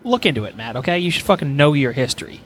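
A man's voice: medium pitch, very animated, fast talker, fairly bright tone, slight background noise. A man co-hosting a podcast, rambling and teasing, with casual swearing. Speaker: podcast co-host. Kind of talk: casual chat.

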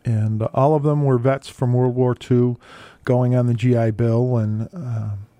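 A man hosting a radio music show, telling stories between records in a relaxed, halting way with many fillers. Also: medium pitch, dry recording.

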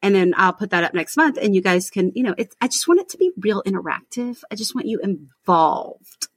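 A woman's voice: mid-range voice, animated, brisk, husky. A woman co-hosting a podcast in casual, jokey chat, laughing often. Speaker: podcast co-host.

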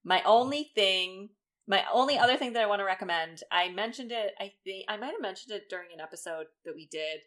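A woman's voice: medium pitch, a little fast, fairly bright tone. Chatty woman podcast co-host. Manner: chatty, laughs often, trails off with ums. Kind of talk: casual chat.

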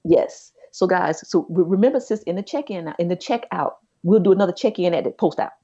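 A woman, co-hosting a podcast and telling a personal story in a chatty, animated way. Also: fairly low pitch, fairly quick, slightly rough, highs cut off. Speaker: podcast co-host. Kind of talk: casual chat, storytelling.

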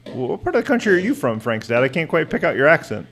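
A man's voice: very animated, fast talker, a bit bright. A father hosting a silly family podcast, teasing and joking with his guests and laughing often. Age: adult parent. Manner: goofy, teasing, laughs often, swoops up high in mock surprise. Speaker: podcast host interviewing kids' characters. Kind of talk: playful comedic podcast chat.

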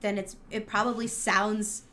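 Bright, giggly woman chatting. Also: mid-range voice, flat delivery, measured pace. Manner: giggly and playful, laughs often. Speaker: podcast co-host. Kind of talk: casual chat.

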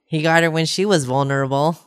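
A woman co-hosting a casual chat show, giving relaxed, measured opinions. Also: sits low, smooth.

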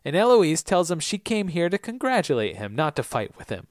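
A lively man with a pitch that swings all over as he chats through a recap of an episode. He slips in and out of goofy impressions of the characters. The sound is close and dry. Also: brisk, dry recording. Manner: animated, acts out characters in silly voices. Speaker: podcast co-host. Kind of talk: casual recap chat.

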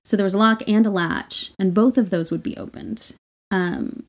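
A woman's voice: mid-range voice, moderate pace. A woman co-hosting a podcast, telling stories in casual chat, blunt and profane with frequent laughs. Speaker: podcast co-host.

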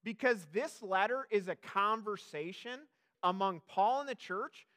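A man's voice: high voice, unhurried, pushed and bright. A young adult man preaching a sermon as pastor, chatty and self-deprecating, with many fillers and restarts.

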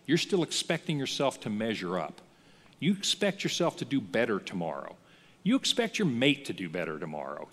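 Lively pastor preaching in a reverberant church. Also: male voice, medium pitch. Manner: lively, conversational preaching with acted-out quotes. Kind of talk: sermon.

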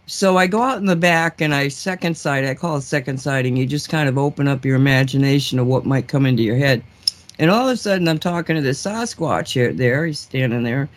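A woman's voice: a bass voice, brisk. Woman host, casual storyteller, rambling, many restarts, laughs a lot. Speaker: talk show host.

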